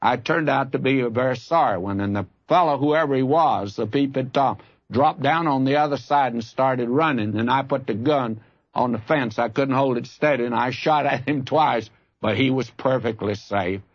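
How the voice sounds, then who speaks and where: In a dry, lo-fi recording, a mid-range voice at normal speed delivers a radio sermon on the Bible. Folksy and earnest, the preacher shares a personal story before rising into fervent appeals to those listening.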